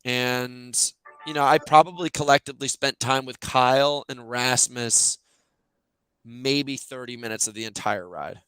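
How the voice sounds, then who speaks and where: Smooth-voiced man telling stories animatedly. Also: medium pitch, measured pace, no echo. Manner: animated, loose storytelling with many fillers. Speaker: podcast host. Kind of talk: casual chat.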